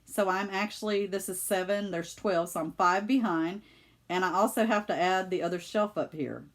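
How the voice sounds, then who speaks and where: Speaking at a moderate pace in a mid-range voice, this middle-aged Southern US woman chats with feeling in her home cross-stitch vlog. She's casual and chatty, with lots of fillers.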